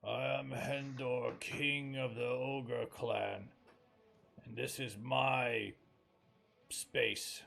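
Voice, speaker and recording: A man voicing a proud, threatening male ogre king in a tabletop game, with slow, booming declarations. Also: little pitch movement, creaky, a bit bright, full character voice. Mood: menacing.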